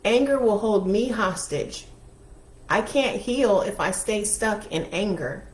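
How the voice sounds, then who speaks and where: A woman's voice: medium pitch, expressive, slow. A woman coach telling a personal story in a frank, emphatic motivational talk. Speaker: life and money coach. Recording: roomy echo with faint noise.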